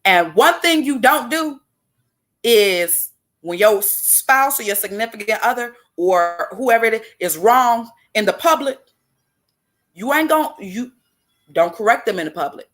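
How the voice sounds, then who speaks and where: A woman's voice: fairly high pitch, lively intonation, unhurried, fairly bright tone. A woman in her twenties from Chicago, hosting a casual spoken monologue and talking emphatically to her listeners, often checking in with "okay?". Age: 20s. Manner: emphatic, preachy, addresses listeners directly with repeated "okay?". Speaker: podcast host.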